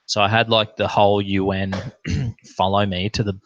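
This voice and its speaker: A young Australian man with a low, gravelly voice chats loosely on a livestream, full of slang and swearing as he rambles through stories and reads viewer comments. The sound is dry and a little muffled, like a cheap home setup. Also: little pitch movement, moderate pace, dry recording. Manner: swearing, slangy, rambling anecdotes with acted-out quotes. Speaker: livestream host reading chat comments. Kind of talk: casual livestream chat and storytelling.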